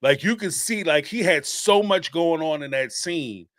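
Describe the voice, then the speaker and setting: A man hosting a reality-TV call-in show, giving sarcastic, animated commentary and laughing often. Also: a little high, unhurried, dry recording, clean studio sound. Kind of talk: casual commentary.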